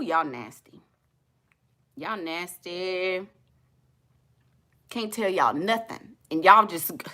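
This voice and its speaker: A woman hosting a casual live chat, sassy and teasing and quick to laugh. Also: fairly low pitch, bright, forceful tone. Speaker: livestream host.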